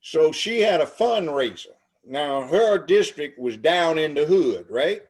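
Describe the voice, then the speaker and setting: An older man from Los Angeles speaks as an interview guest, preachy and emphatic, stacking up long lists. His voice sits somewhat high for a man. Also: lively intonation, unhurried, a little mellow. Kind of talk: casual interview talk.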